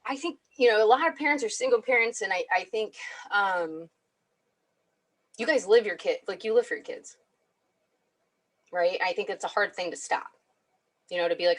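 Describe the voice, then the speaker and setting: A woman's voice: mid-range voice, moderate pace, long pauses. A woman giving a chatty webinar talk as a clinical psychologist, often asking "right?". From United States. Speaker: clinical psychologist guest speaker.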